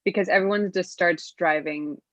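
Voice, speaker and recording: A woman's voice: lowish voice, moderate pace, a bit bright, no room sound. Casting: chatty, giggly young Florida woman, muffled dry recording. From Florida, USA. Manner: chatty, laughs often. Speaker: guest. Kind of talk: casual chat.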